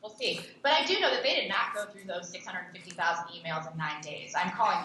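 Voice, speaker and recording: Blunt young woman giving interview answers, bright sharp voice, echoey room with a bit of hiss. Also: fairly low pitch, animated, fast talker. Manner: blunt, scornful. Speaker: podcast host and interview guest. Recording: echoey room with faint noise.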